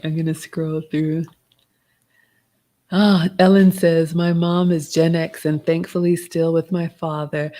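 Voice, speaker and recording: A woman's voice: sits low, dark tone. A Southern woman in her forties with a Southern accent, hosting a casual livestream Q&A, reading viewer comments aloud and giving polished, motherly advice. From American South. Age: 40s. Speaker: livestream host answering chat.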